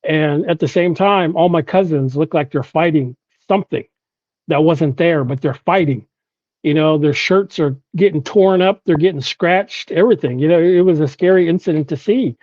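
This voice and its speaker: A man's voice: fairly high pitch, normal speed, darkish tone, no echo, lo-fi sound. A man from Oklahoma, a podcast guest, telling a personal story with frequent "you know" and restarts.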